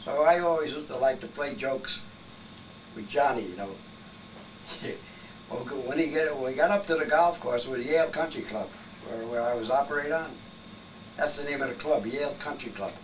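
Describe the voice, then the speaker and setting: A man's voice: medium pitch, normal speed. A man in his eighties telling old stories in a rambling, salty way, chuckling through his tales at a family gathering. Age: 80s. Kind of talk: casual storytelling. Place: family birthday gathering at home. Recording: distant home-video recording with background noise.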